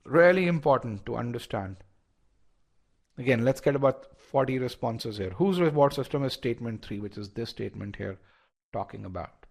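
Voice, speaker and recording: Male instructor, mid-pitched voice, running a live online class, thinks aloud with frequent fillers and restarts. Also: expressive, moderate pace, vocal fry. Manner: talks through reasoning step by step, polling the class. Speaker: test prep instructor.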